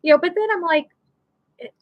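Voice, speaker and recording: A woman's voice: very high-pitched, brisk, muffled recording. A woman hosting a live show, telling an emotional personal story in a rambling way, full of restarts and "you know".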